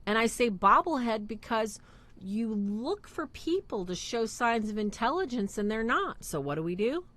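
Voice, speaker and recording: A middle-aged woman co-hosts a live religious talk show. She speaks in an emphatic, preachy way, her pitch ranging widely as she piles up rhetorical questions. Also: very animated, normal speed, fairly bright tone. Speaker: co-host of a faith show.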